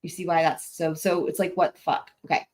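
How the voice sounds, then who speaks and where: A woman's voice: lowish voice, little pitch movement, a little fast, slightly rough. Rambling, swearing woman livestreamer. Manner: rambling, profane, thinking aloud with frequent "like" and restarts. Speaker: livestream host. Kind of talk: casual live commentary over maps.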